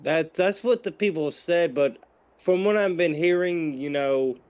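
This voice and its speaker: Man, casual chat, slightly high voice, interjecting to object, off-mic. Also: a little slow, darkish tone, clear, resonant tone. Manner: interjecting, contradicting with reported facts.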